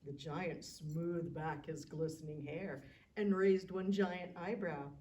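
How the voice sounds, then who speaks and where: A woman librarian reading a picture book aloud to children, adding gentle, chatty asides. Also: low-pitched, steady tone, takes it slowly, far from the mic, slight background noise.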